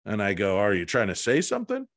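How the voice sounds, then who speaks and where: A middle-aged man, a guest in a casual interview, telling an anecdote with animated delivery and acted-out voices. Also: lowish voice, fast, no room sound. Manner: animated anecdote-teller, acts out voices and lines. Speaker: guest, paranormal investigator.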